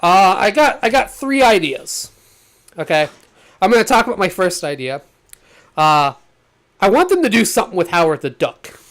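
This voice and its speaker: A man co-hosting a podcast in casual chat, animated and laughing often as he pitches ideas. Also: moderate pace, long pauses. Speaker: podcast co-host.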